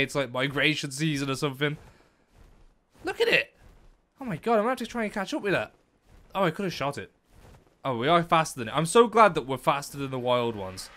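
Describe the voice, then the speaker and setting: Excitable young man narrating gameplay. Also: mid-range voice, a little fast. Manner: excitable, talks to the animals, exclaims often. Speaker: gaming YouTuber. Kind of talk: let's play commentary.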